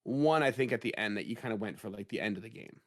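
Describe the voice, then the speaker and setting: A man in his thirties hosting a gaming podcast in a casual, jokey way, his voice a little rough from a cold. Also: fairly low pitch, fast. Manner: animated, jokey, rising emphasis. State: slightly rough voice after a cold. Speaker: podcast host.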